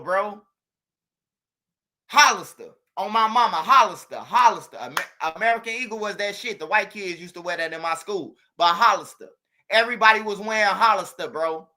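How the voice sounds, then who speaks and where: A man telling a street story to his viewers in a casual, slangy, profane way, talking straight at them. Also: sits high. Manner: animated, slangy, profane, addresses viewers directly, imitates gunshots. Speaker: street news commentator.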